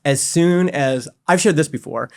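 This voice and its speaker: A man's voice: on the high side, unhurried, vocal fry. A man in his forties talks as an interview guest, candid and open. He tells stories in a loose, chatty way, often reaching for filler words as he goes. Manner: candid, animated storytelling with frequent "like" fillers. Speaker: guest, software company co-founder. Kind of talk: casual conversational interview.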